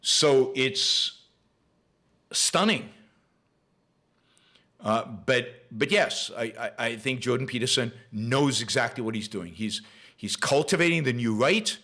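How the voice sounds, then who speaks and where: Forceful, bright-voiced male show host. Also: medium pitch, lively intonation, takes it slowly, long pauses. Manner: emphatic and opinionated, repeats phrases for emphasis. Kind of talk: solo political commentary monologue.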